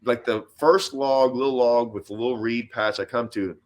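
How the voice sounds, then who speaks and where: Man in a relaxed conversational chat, talks like a pro angler, spins a long story, acts out the quotes in his tale. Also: medium pitch, moderate pace. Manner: animated storyteller who acts out his own and others' quoted lines. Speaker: host and professional bass angler.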